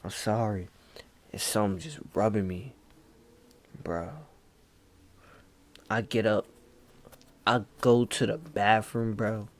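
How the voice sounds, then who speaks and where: A man telling a spooky story in a laid-back, hushed casual way, dropping "bro" often. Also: on the low side, fairly even intonation, slow, pauses often. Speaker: vlogger.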